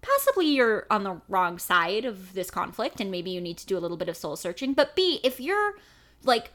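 A woman's voice: mid-range voice, wildly swooping pitch, moderate pace, fairly bright tone. A woman co-hosting a podcast in casual chat, sarcastic and swearing, with exasperated asides. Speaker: podcast co-host.

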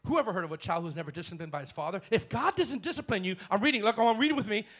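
A male pastor preaching a bold sermon in church, swinging from shouted lines to hushed ones. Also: high voice, expressive, rapid-fire, breathy edge.

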